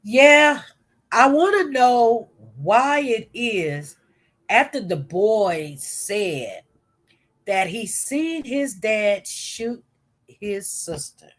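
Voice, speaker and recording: A woman's voice: on the high side, animated, drawn-out words. A woman with a cold, coughing now and then, giving chatty live commentary and talking straight to her viewers and chat. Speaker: livestream host. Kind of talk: casual commentary livestream.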